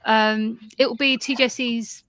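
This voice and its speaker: A woman's voice: on the high side, fairly even intonation, unhurried, a bit bright, smooth, no echo. Brief: woman guest, dry close sound, hesitant casual chat. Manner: hesitant, many ums. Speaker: livestream guest.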